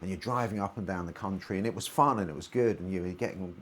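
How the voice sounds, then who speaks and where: A man's voice: low-pitched, quick pace, heavy background noise. A man, a stand-up comedian being interviewed, telling long casual anecdotes and acting out bits of dialogue. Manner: relaxed, rambling anecdotal delivery with acted-out dialogue. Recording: loud guitar music behind the voice.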